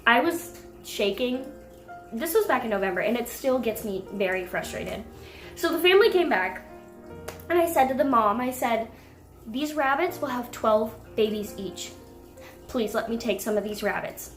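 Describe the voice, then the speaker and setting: A young woman telling a pet rescue story to camera in a casual, animated way, breaking into indignant outbursts. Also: fairly high pitch, moderate pace. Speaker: pet vlogger. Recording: echoey room with faint music.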